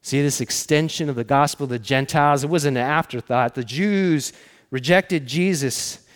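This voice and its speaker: A man preaching a sermon, telling the stories conversationally and often dropping to hushed, emphatic phrases. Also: on the high side, normal speed, smooth. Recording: long hall reverb.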